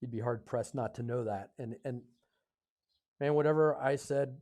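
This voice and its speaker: An American man in his fifties, a podcast guest telling a story in a casual, halting way, with many fillers and self-corrections. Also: medium pitch, dark tone. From United States. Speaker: podcast guest, retired Air Force officer.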